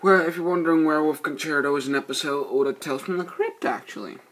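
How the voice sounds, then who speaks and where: A man's voice: fairly high pitch, fast, fairly bright tone. A man giving a rambling, profane, laid-back spoken movie review. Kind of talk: casual spoken film review.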